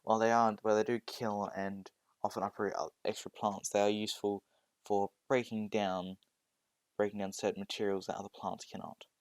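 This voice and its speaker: A man doing a calm, polite teenage boy. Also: lowish voice, moderate pace, no echo, lightly acted. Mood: explaining. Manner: calm, mild, explains patiently.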